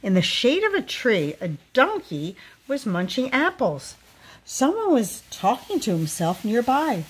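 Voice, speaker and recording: A woman reading a children's picture book aloud, with expressive storytelling delivery. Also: fairly high pitch, unhurried, husky.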